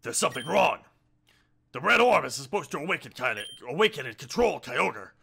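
A man putting on a brash shouting villain boss. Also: a little high, sing-song, fairly quick, creaky, crowd noise, voice pushed down. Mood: alarmed. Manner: loud, theatrical, often shouting. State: strained throat. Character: brash, hot-headed male villain gang leader.

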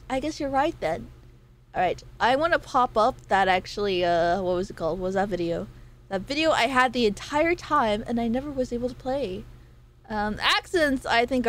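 A woman streaming a game and chatting casually with her viewers, rambling and losing her train of thought. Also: on the high side.

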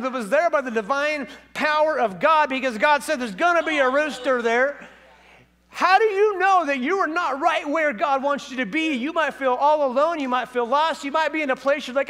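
A male pastor preaching a sermon at a church service, telling the story with animated humor. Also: very high voice, moderate pace.

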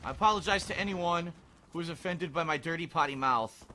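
Frustrated and cursing, a man gives commentary on his own gameplay, ranting at the game in his role as a gaming commentator. He speaks fairly quickly in a bright, forceful voice on the high side, with a little hiss or hum. Gunfire and explosions from the game come through faintly behind his voice.

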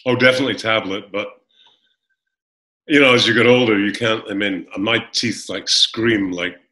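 Scottish-born guy, middle-aged, bright voice, rambly storytelling with lots of "you know", echoey room. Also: fairly low pitch, moderate pace. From Scotland. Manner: rambling, full of fillers and restarts, animated storytelling. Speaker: guest actor. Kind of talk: casual interview chat. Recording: roomy echo.

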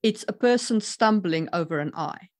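A woman's voice: on the low side, lively intonation, normal speed, a little mellow, dry recording, studio quality. A woman co-hosting a podcast about writing, giving her opinions in a direct, matter-of-fact way. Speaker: podcast co-host, writing editor. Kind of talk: casual podcast discussion.

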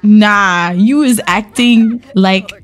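A young woman hosting a let's play, talking to viewers in an animated, slangy, casual way. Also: medium pitch, very slow, faint music behind. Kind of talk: casual game commentary.

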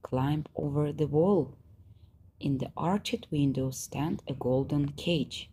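A woman voicing a gruff but helpful old grey wolf in a storybook, grumbling and instructive, over guitar music. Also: low voice, takes it slowly, dark tone, a little hiss or hum. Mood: hushed.

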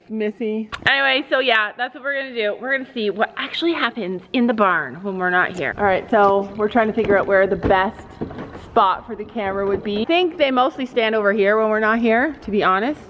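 Speaking a little fast in a mid-range voice, a middle-aged woman narrates a dramatic story for her family vlog from a horse barn, stopping to coo at the horses. There's background noise, and the audio is echoey and a bit dull with faint ambience; the tone is casual and chatty.

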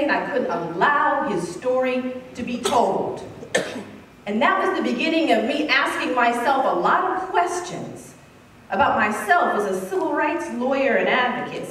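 A woman, an author and civil rights lawyer, telling a personal story in a conference speech, earnest and building up, then dropping to soft, intimate tones. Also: a little high, far from the mic, a little hiss or hum. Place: large conference hall. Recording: echoey hall, voice from afar.

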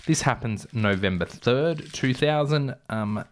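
A man's voice: medium pitch, expressive, measured pace. A young man reading aloud his childhood novel, breaking off for wry, joking asides. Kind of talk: casual read-aloud with asides.

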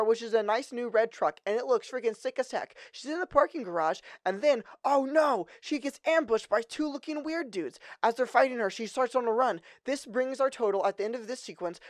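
A woman's voice: fairly high pitch, no room sound, clean studio sound. A woman hosting a comedic episode recap, chatty, gushing and sarcastic by turns. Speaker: host.

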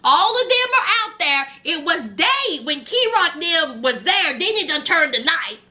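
Woman, sassy reality-show recapper: high, bright voice, swoops up and down as she gossips. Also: sing-song, measured pace. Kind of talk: animated show recap commentary.

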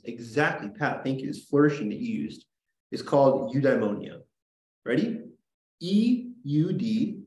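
A man's voice: medium pitch, darkish tone. Chatty male teacher, echoey classroom. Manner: chatty, jokey, lots of "right?" and "like". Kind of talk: classroom lecture.

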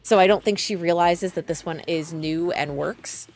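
With slight background noise, a streamer in her thirties chats casually in a low-leaning, slightly mellow voice at a moderate pace. She rambles through her stories, frequently cutting herself off and starting over.

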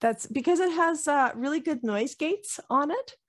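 A woman with a slightly high voice talks on a video call. She explains her recording gear eagerly and at length. The talk is loose and friendly. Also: expressive, normal speed. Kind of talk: casual video-call chat.

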